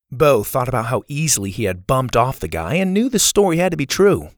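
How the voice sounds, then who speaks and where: A male narrator reading a kids' adventure story with lively, swooping intonation at a middle pitch. The recording is dry and close, with no room sound. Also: brisk, few pauses, no echo. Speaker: audiobook narrator.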